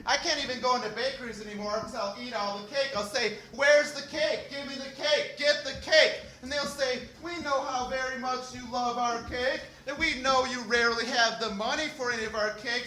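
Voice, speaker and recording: A man with a very high, sharp voice reads a poem obsessively, repeating himself and building toward shouts. The sound is roomy and carries faint background noise from the bar. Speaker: open-mic poet. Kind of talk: performance poetry reading.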